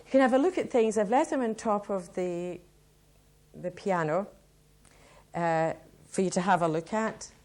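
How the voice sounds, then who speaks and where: A middle-aged Scottish woman presents to an audience at a workshop. Her speaking voice sits at an ordinary mid pitch. She sounds eager and conversational. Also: a little mellow. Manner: enthusiastic, chatty. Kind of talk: public talk to an audience.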